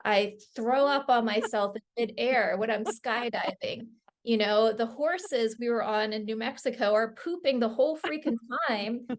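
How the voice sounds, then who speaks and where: A middle-aged woman, a guest author on a podcast, telling stories in casual conversation, animated and laughing often. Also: fairly high pitch, measured pace, few pauses.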